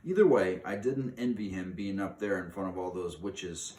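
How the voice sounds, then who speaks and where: A man reading a children's book aloud with steady, dramatic storytelling. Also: low voice, moderate pace. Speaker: reader. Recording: roomy, distant mic.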